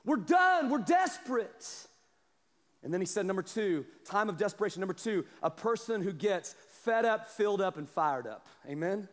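High-voiced preaching man in an echoing hall. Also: big pitch swings, moderate pace. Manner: swings from quiet asides to shouted exhortation. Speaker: pastor. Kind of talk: sermon. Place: church sanctuary. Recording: long hall reverb. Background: congregation responding.

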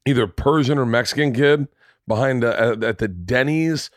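A podcast host in his forties tells stories in casual conversation, cursing freely and animatedly acting out the voices of the people involved. His voice sits at a medium pitch and moves at a normal speed, recorded in studio quality with no echo.

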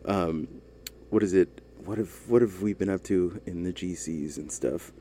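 A man's voice: low-pitched, moderate pace, mellow, slight background noise. A man from the United States in a casual comedic chat, rambling, laughing often and trailing off.

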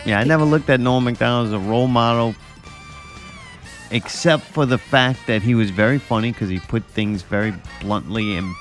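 A man's voice: mid-range voice, normal speed, faint music behind. A man hosting a casual podcast chat, blunt and profane, teasing his co-hosts. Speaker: podcast host.

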